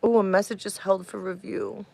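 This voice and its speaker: A woman's voice: mid-range voice, little pitch movement, moderate pace, creaky, a little mellow. A woman in her thirties talking bluntly to her live stream chat, combative and swearing heavily. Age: 30s.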